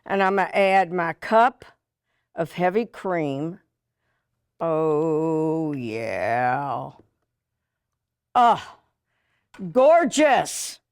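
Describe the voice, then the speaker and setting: A woman's voice: fairly low pitch, smooth, no room sound. A middle-aged woman hosting a TV cooking demonstration, chatty and folksy, joking as she works in a studio kitchen. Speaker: TV cooking show host.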